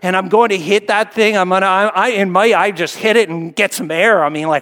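High-voiced man preaching in reverberant hall. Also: fairly even intonation, quick pace, hardly any pauses. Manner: emphatic, repetitive preaching cadence, swelling then dropping soft. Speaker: pastor. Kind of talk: sermon.

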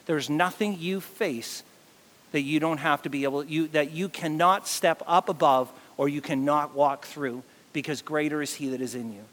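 High-voiced man preaching in a hall. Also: normal speed. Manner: animated preaching with acted-out quotes. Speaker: pastor. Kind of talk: sermon.

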